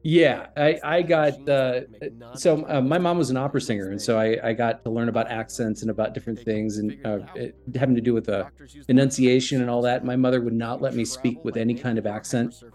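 A man's voice: medium pitch, fairly even intonation, a little fast, darkish tone, faint music behind. Ohio voice actor guy, super careful diction, chatting on a panel. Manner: carefully controlled enunciation. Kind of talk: casual panel chat.

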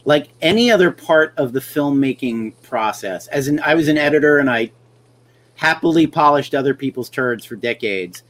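A man's voice: mid-range voice, animated, moderate pace, a bit bright. A middle-aged man hosting a podcast, telling wry stories in casual chat and acting out the lines of people he quotes. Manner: wry storyteller who acts out quoted lines. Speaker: podcast host.

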